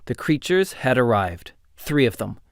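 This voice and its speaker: A man narrating a fantasy audiobook in an expressive, dramatic storytelling style. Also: medium pitch, moderate pace, gravelly, dry recording, clean studio sound. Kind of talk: scripted narration.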